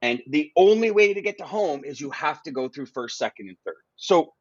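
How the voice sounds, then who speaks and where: A man, a guest in a casual podcast conversation, talking in an animated storytelling way with frequent restarts. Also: a little high, moderate pace, husky, no echo, highs cut off. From Canada. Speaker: guest, freight broker.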